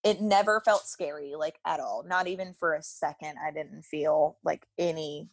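A woman's voice: sits low, normal speed, no echo. A young woman telling a personal story as a podcast guest in a casual, chatty way, with frequent "like" fillers and laughter. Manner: chatty, peppered with "like", laughs often.

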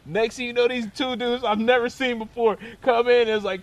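High-voiced young man telling a story. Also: fast talker, hardly any pauses. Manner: animated, laughs through the telling. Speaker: storyteller guest. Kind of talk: casual storytelling.

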